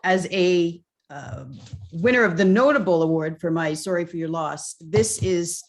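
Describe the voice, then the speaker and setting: Author lady on a video call, kinda low voice, choked up thanking everyone. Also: a little slow, a little hiss or hum. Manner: heartfelt, near tears. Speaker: award-winning author. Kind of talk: acceptance remarks.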